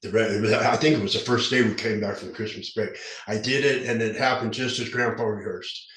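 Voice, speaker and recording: This man, around fifty and from southern Utah, works as a recovery specialist and speaks briskly in a lowish, fairly bright, fairly even voice. His dentures cause a slight lisp, and as a podcast guest he rambles earnestly through candid stories with many restarts. The room echo is noticeable.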